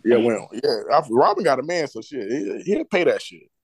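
A man's voice: medium pitch, big pitch swings, normal speed, no room sound. A man co-hosting a podcast, joking and chatting casually in a playful way. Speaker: podcast co-host. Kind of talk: casual chat.

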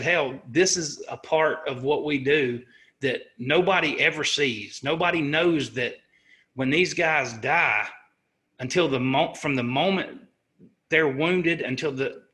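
A middle-aged American man, a sergeant, recounting a war story on an interview podcast. His voice is strikingly bright and tense, pitched in an ordinary middle range. He talks earnestly, stopping and restarting as he corrects himself. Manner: earnest and halting, with frequent restarts and self-corrections. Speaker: interview guest, army sergeant.

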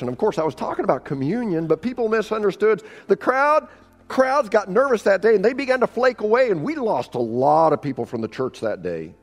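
Man preaching a sermon, lively pitch, acts out dialogue, loud then hushed. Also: fairly quick, long reverb tail, faint music behind. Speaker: pastor.

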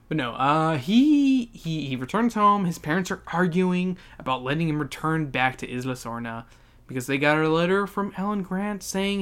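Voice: medium pitch, animated, normal speed, a bit bright. A podcast host giving a rambling, profane, joking book recap.

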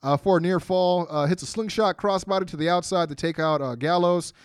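A man's voice: high voice, fairly quick, clear, resonant tone, no echo, clean studio sound. A man co-hosting a podcast, recapping a wrestling match move by move in a casual way with fillers. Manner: play-by-play recap with fillers and laughs. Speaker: podcast co-host.

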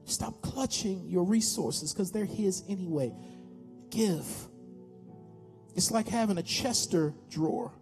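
Impassioned American pastor with a high voice. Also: male voice, moderate pace, few pauses, a little mellow, soft background music. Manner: impassioned, repetitive exhortation. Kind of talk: sermon with altar call. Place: church sanctuary.

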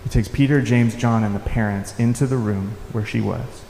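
A man preaching a sermon as a pastor, unhurried and reflective, sometimes dropping to a soft, gentle voice. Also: fairly low pitch, steady tone, vocal fry, a little hiss or hum. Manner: unhurried, reflective, with soft-spoken quoted lines. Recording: echoey hall with faint ambience.

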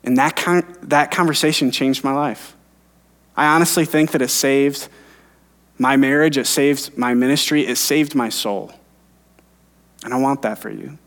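A man's voice: medium pitch, measured pace, fairly bright tone. A man in his thirties, a pastor preaching an earnest sermon and telling personal stories. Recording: long hall reverb.

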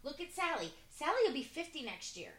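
A woman's voice: high voice, very animated, brisk, fairly bright tone, echoey room. A woman in her forties chatting casually, telling stories with frequent laughter. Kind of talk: casual chat.

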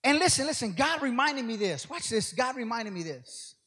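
An older man preaching as a guest speaker, telling rambling stories that build to shouted preaching. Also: extremely high pitch, big pitch swings, normal speed, husky. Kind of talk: sermon. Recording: long hall reverb.

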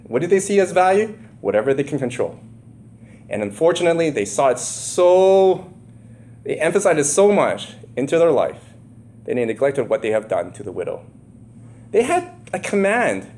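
A man delivers a sermon in a loose, conversational way, often checking in with his listeners through rhetorical questions. His somewhat high voice is very lively, leaping up and down as he presses his points. He builds into emphatic, impassioned runs. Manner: emphatic, rising to impassioned bursts. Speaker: pastor.

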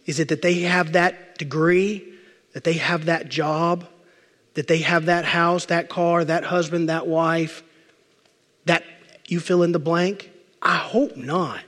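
A male pastor preaching a sermon, emphatic, stacking repeated phrases and slowing down to stress key words. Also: high-pitched. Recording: long reverb of a large hall.

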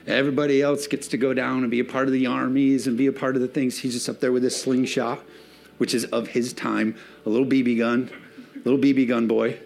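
A man's voice: medium pitch, flat delivery, fairly quick, vocal fry, a little mellow. A man preaching a sermon to a church congregation in a loose, conversational way, mixing jokes into his message. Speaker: pastor. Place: church sanctuary before a congregation.

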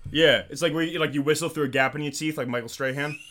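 A man hosting a casual podcast, introducing songs and spinning deadpan, absurd tangents. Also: fairly high pitch, fast, noisy background. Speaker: host.

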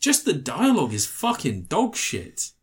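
A man's voice: on the high side, huge pitch swings, unhurried. A man co-hosting a podcast, reviewing a film in casual, rambling chat and swearing freely. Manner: rambling, swears freely, acts out film characters in mocking voices. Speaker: podcast co-host.

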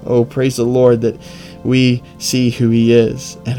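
A man's voice: medium pitch, completely flat delivery, slow pace, mellow, faint music behind. A man hosting a devotional podcast, reading scripture and reflecting in an earnest manner with emphatic repetition.

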